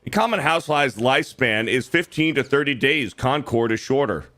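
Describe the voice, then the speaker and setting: A man's voice: medium pitch, lively intonation, normal speed, sharp tone. A man co-hosting a livestream, reading out donation messages in crude, profane banter. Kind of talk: casual chat.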